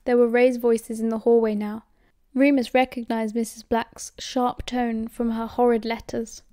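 A woman with a British accent reading audiobook narration at a steady, measured pace. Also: fairly high pitch, dry recording, clean studio sound. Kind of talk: scripted narration.

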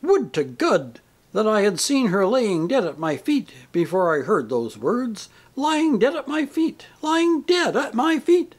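Man playing a melodramatic male ghost, theatrical, ranting high, husky. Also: sing-song, unhurried, hardly any pauses, heavily acted. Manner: melodramatic, declaiming, bullying. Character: pompous theatrical male ghost, self-pitying tragedian.

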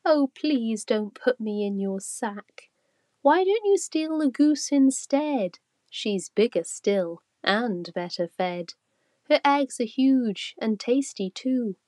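A woman voicing a downy duck with a high, pleading voice. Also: very animated, takes it slowly, a little mellow, dry recording, heavily acted.

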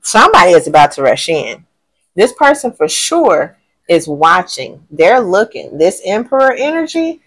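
Speaking at a moderate pace in a lowish voice, this woman gives a casual tarot reading for a general audience. She thinks out loud in lively slang, swears occasionally and keeps saying she doesn't know.

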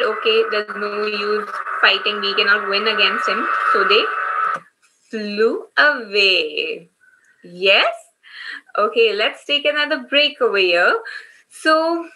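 A woman with a bright, fairly high voice leads children through an online story class. She encourages them warmly in words, asks questions, and keeps checking in with "okay?". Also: rough recording. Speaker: children's workshop teacher.

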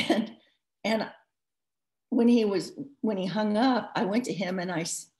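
A woman author giving advice in a live interview, talking in a lively, rambling way full of restarts and asides. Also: mid-range voice, unhurried. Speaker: author discussing her book.

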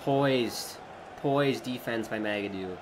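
A man giving casual play-by-play commentary while playing a football video game, excitable and prone to shouting when chances come. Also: mid-range voice, slow, noisy background. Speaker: gaming YouTuber.

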